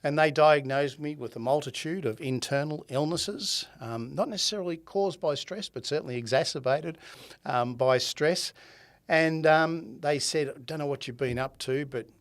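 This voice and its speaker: Speaking at a normal speed in a fairly high-pitched voice, this Australian man in his seventies appears as a podcast guest. He tells his story conversationally and energetically, voicing the dialogue he quotes and frequently breaking into laughter.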